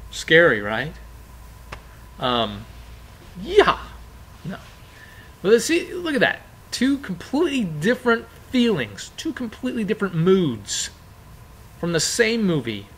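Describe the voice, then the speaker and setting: A man explaining a lesson in a relaxed, conversational way. His voice sits a little high for a man, and he often circles back to repeat his key points, with a faint hum of room sound behind him. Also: measured pace, long pauses, poor audio. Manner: conversational, repeats key phrases, frequent fillers. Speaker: teacher. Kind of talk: informal classroom explanation.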